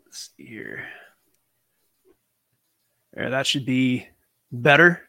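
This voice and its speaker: A man hosting a casual political podcast, talking in a relaxed, hesitant way with many fillers. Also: medium pitch, very slow, no echo. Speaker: podcast host.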